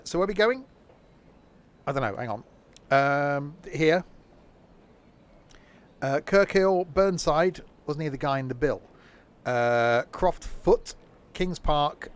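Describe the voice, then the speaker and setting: A man giving live gameplay commentary as a streamer, rambling and joking to himself as he plays. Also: medium pitch. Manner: rambling, jokey talking to himself. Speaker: game streamer.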